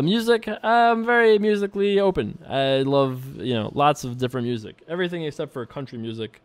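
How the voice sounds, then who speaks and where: A man's voice: mid-range voice, clear, resonant tone. A young man streaming online poker, chatting loosely with viewers while he plays and reads their emails, laughing often and swearing casually.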